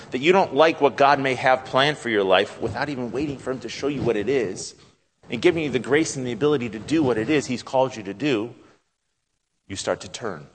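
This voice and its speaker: A man preaching a sermon with drama, his voice climbing when he acts out God's lines and dropping to a hush at solemn points. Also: mid-range voice, in a large hall. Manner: drops to a hushed, soft tone at solemn points.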